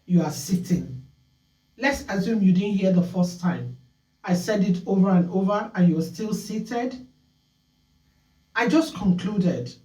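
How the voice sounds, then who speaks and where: Animated woman talk show host. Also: mid-range voice, roomy sound, recorded from a distance, rough recording. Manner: animated storytelling, acts out scolding voices. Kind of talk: live call-in talk show monologue.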